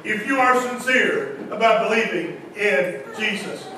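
Preacher guy, high bright voice, goes from shouting to near whispers, big echoey church, mic kinda far. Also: animated, a little slow, a little hiss or hum. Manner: dramatic preaching, swinging from shouts to hushed quotes. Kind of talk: sermon. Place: church sanctuary. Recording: echoey hall heard from a distance.

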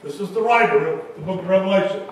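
A man's voice: high-pitched, quick pace. A man preaching a folksy sermon to his congregation, chatting with members between passages. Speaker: pastor. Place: large church hall. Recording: echoey hall from far off.

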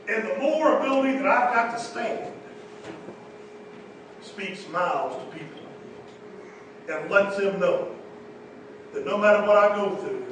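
High-voiced folksy preacher in echoey hall. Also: male voice, far from the mic, slight background noise. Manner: folksy, emphatic, repeats phrases. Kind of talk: sermon. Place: church meeting room.

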